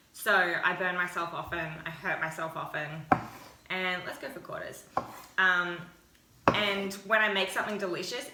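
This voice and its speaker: A young woman chatting casually as she cooks, talking to the camera in a chatty, self-mocking way with quick giggles. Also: fairly low pitch, reverberant, background noise. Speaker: cooking vlogger. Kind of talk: casual cooking chat. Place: home kitchen.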